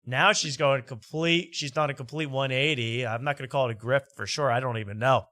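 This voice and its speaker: Bright-voiced man hosting a comedy talk show. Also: mid-range voice, steady tone, no room sound. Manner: rambling, mocking, halting with fillers. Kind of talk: comedic late-night talk show banter.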